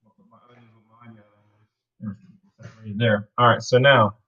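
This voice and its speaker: A man hosting a home cooking video, talking viewers through each step in a relaxed, rambling way with playful wordplay. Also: mid-range voice, moderate pace, breathy edge, lo-fi sound. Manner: chatty, rambling, plays with words. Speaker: cooking show host. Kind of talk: casual cooking demonstration.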